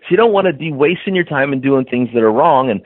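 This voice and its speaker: A middle-aged man tells stories in an interview, slipping into the voices of the people he quotes and restarting his sentences often. His voice is mid-pitched and comes through a tinny, phone-like line. The sound is dry, with no room around it. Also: fast, no room sound. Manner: animated storyteller, acts out quoted dialogue, frequent restarts. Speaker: podcast guest, detailing trainer. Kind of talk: storytelling interview chat.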